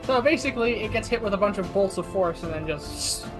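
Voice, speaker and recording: A player at a tabletop game drops wry remarks, laughing easily. The voice is of medium pitch, with faint music somewhere behind. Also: expressive, brisk.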